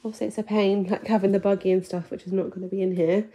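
A young woman chatting casually at home in a vlog, with lots of ums and the odd soft whisper. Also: mid-range voice, flat delivery, fast talker, slightly rough. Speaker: vlogger. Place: home, indoors.

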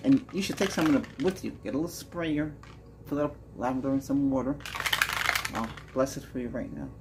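A man hosting a Reiki healing session, chanting slow, soft repeated lines and then rambling in loose, chatty talk. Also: mid-range voice, animated, very noisy. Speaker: Reiki healer and channel host.

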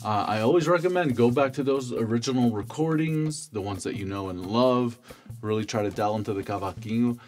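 A man teaching a stringed-instrument lesson, calmly counting beats and chanting strokes. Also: lowish voice. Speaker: music teacher. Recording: loud instrument playing under voice. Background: cavaquinho playing.

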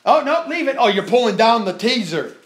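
A dad in his thirties hosts a live family toy stream from home, chatting loosely with his kids while joking and stumbling as he reads viewer comments quickly. His voice is extremely high with big pitch swings, and there's a little hiss or hum in the recording.

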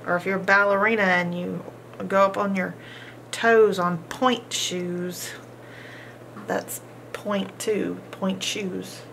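Woman, phonics teacher, extremely slow delivery, patient, faint room hum. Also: medium pitch, flat delivery, creaky. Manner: sounds out words slowly, repeating each one; patient, encouraging. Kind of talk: slow, deliberate phonics lesson.

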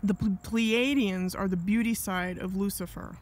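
A man's voice: sits high, fairly even intonation, normal speed. A man talking alone in an angry, rambling monologue, full of asides and restarts. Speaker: vlogger.

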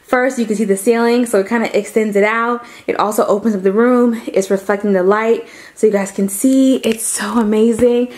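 A woman's voice: on the high side, steady tone, darkish tone. Chatty woman vlogger in echoey room. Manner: chatty, giddy, drawn-out emphasis. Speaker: home decor vlogger. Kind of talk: casual chat. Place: home living room, indoors.

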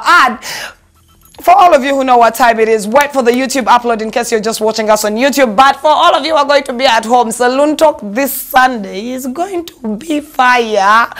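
A young Ugandan woman hosting an entertainment gossip show, sassy and animated, slipping Luganda phrases into her English. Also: high voice. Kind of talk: casual gossip commentary.

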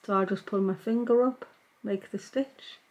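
A woman gives a knitting tutorial, narrating each stitch as she works. Her voice sits in a middle pitch, and she speaks in a calm, patient way. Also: moderate pace, low-quality recording. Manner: calm, patient, talks while working. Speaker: knitting teacher. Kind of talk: step-by-step craft tutorial.

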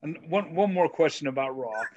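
A man interviewing an author for a library series, asking questions in a halting way with many restarts. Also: on the high side, expressive, no echo.

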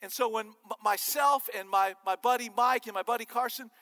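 High, bright-voiced joking preacher in hall. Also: male voice, fairly quick. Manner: animated and joking. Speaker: pastor. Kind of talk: sermon. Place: church sanctuary.

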